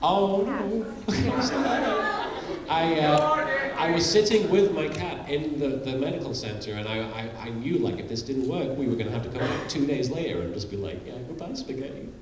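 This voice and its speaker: Man, convention panel Q&A, candid, self-deprecating, halting, booming hall echo, crowd noise. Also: animated. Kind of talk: live Q&A panel talk. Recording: echoey, dull convention hall sound. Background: audience murmur.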